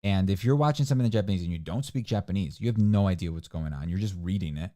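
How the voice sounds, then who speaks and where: A man's voice: sits low, fast talker, dark tone. A man co-hosting a casual livestream, opinionated and ranting with frequent laughs. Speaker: livestream co-host.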